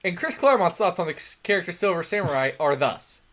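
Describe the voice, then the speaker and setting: Animated joking male podcast host. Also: sits high, fast talker. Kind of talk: casual chat.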